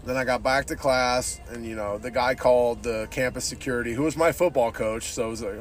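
A man's voice: medium pitch, fairly even intonation, fairly quick, hardly any pauses. A man hosting a podcast, ranting casually and bluntly, swearing often and calling everyone "dude". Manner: profane, says "dude" constantly; blunt and opinionated. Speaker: podcast host.

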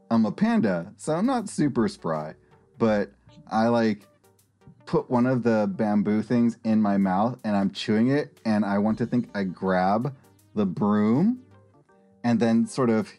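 Brief: male player, lowish voice, animated, laughs a lot. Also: takes it slowly, faint music behind. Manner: giggly, playful. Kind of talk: playing a tabletop game.

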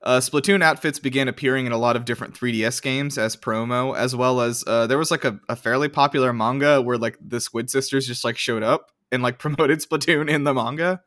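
Man, podcast co-host, rambling chat, filler-heavy, dry close mic, mid pitch. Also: fairly quick, few pauses, a bit bright, no echo. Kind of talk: casual chat.

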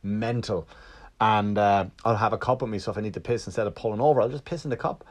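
A man's voice: fairly low pitch, quick pace. A man telling a long story in a casual, rambling monologue. He swears freely, restarts often and acts out the other side's lines. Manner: rambling and profane, with many restarts.

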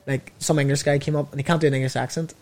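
A man's voice: medium pitch, little pitch movement, racing. A Northern Irish man telling rambling stories in a casual chat about comedy, with many restarts.

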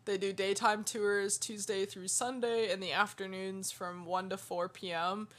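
A woman's voice: medium pitch, level tone, unhurried, a bit bright. A woman co-hosting a paranormal podcast, chatting casually and reading out notes with frequent laughs. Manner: laughs often, reads details aloud. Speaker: podcast co-host.

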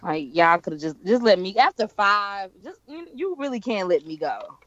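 A woman's voice: mid-range voice, very animated, normal speed, a bit bright, lo-fi sound. Emphatic woman co-host reacting. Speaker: podcast co-host. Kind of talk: casual chat.

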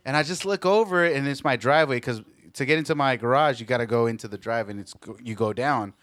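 A man's voice: medium pitch, quick pace, fairly bright tone, no echo, clean studio sound. A man co-hosting a podcast, telling stories in a blunt, profane way. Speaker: podcast co-host. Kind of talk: casual podcast chat.

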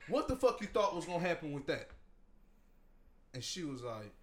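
A man telling a story in casual, profane chat, loud and animated, breaking into laughter. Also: a little high, fairly quick, pauses often, slight background noise. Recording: roomy echo.

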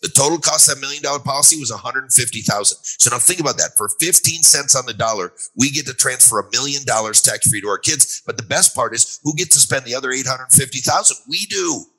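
Bright, husky older man explaining. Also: mid-range voice, fast talker, hardly any pauses, low-quality recording. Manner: emphatic storytelling with repeated refrains and acted quotes. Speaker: guest author on a finance show. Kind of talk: conversational interview, explanatory.

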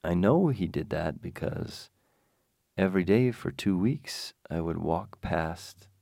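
A man's voice: low-pitched, expressive, slow pace, gravelly, dark tone, no echo, studio quality. A man telling a rambling personal anecdote with wry, self-deprecating humor and many digressions. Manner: digressive, frequent restarts.

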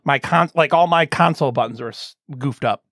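A man's voice: a little fast, a bit bright, no echo. A man hosting a crude hot-talk radio show, brash and mocking, close and dry on the mic. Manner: brash, mocking, mimics others in high voices. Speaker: host.

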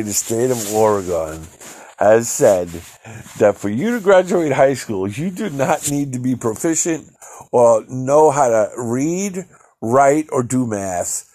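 A man's voice: medium pitch, sing-song, takes it slowly, warm tone. A middle-aged man hosts his own solo podcast from a home mic. He rants with profane, exasperated disbelief and often breaks into incredulous laughter. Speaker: podcast host. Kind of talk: ranting solo podcast commentary.

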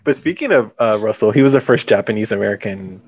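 A man's voice: lowish voice, fast talker, darkish tone. A man hosting a casual chat about a film, talking loosely with lots of fillers. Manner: chatty, leans on "like". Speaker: podcast host.

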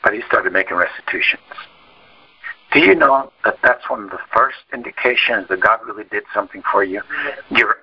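A man preacher telling a personal testimony in a sermon, emotional and halting, with frequent restarts. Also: on the low side, gravelly, husky. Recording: distant, dull lo-fi sound.

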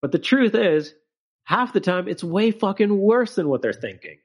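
A man's voice: high voice, sing-song, moderate pace, breathy edge. A man co-hosting a podcast, ranting with emphatic, profane opinions and frequent filler words. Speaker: podcast co-host. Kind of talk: casual podcast chat.

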